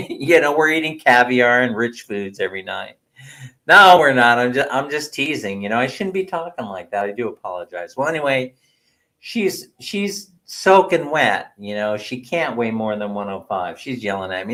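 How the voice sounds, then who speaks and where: A man's voice: mid-range voice, lively intonation, normal speed, sharp tone. A man from the United States hosting a casual livestream at home, telling a rambling story, teasing and laughing often. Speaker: livestream host.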